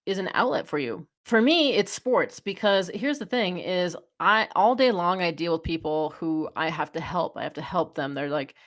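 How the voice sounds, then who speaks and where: A woman's voice: lowish voice, moderate pace, few pauses. A woman in her thirties hosting a solo advice podcast, talking frankly and casually with lots of fillers. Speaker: podcast host, chiropractor.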